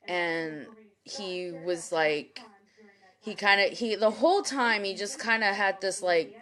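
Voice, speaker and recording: A woman's voice: medium pitch, takes it slowly, a bit bright. Rambling, emotional woman telling a story. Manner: rambling and emotional, with many fillers and frequent swearing. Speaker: spiritual reader hosting a live stream. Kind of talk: casual personal storytelling. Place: home, livestream. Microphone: phone or webcam.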